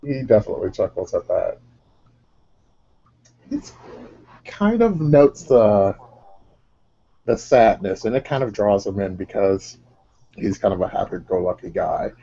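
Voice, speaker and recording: A man narrating his character's actions in a tabletop game, relaxed and rambling, with lots of fillers. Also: on the low side, a little slow, long pauses, slightly rough. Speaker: player. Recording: dull lo-fi recording.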